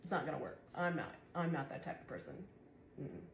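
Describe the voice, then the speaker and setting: Low-voiced woman doing a tarot reading. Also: brisk, gravelly. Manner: chatty, swears, laughs often. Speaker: tarot reader. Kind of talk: casual tarot reading monologue. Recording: echoey room, faint background noise.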